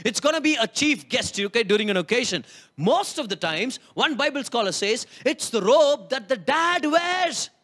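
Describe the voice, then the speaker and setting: Pastor, high-pitched and emphatic sermon delivery. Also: male voice, lively intonation, normal speed, a bit bright. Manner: emphatic, rhetorical questions, repeats key lines.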